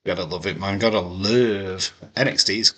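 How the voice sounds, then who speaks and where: Excitable man streaming reactions. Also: low-pitched, moderate pace, breathy edge. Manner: animated, chatty, bursts of excitement. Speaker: wrestling watch-along streamer. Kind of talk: live reaction commentary.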